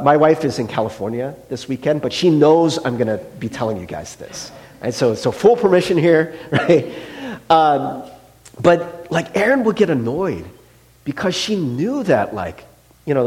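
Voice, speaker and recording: A man's voice: a little high, a little mellow. A man, a pastor, telling personal stories in a conversational, self-deprecating sermon full of fillers. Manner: chatty, self-deprecating storytelling with many fillers.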